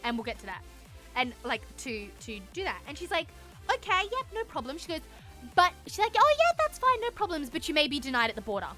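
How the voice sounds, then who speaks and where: A woman's voice: sits high, very animated, fast talker, pushed and bright, faint music behind. A young woman streamer telling a story casually, acting out both sides of a conversation and swearing freely. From Australia.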